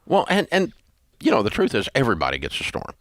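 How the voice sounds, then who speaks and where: A man's voice: mid-range voice, huge pitch swings, fast, fairly bright tone, slight background noise. A man hosting a radio talk show, chatting in a folksy, rambling way with lots of restarts. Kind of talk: casual on-air talk.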